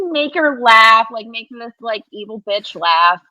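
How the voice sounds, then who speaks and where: A woman's voice: fairly high pitch, animated, measured pace, pushed and bright, dry recording, highs cut off. A young woman guest on a comedy podcast, chatting casually and laughing, with many "like"s. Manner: giggly, heavy use of "like".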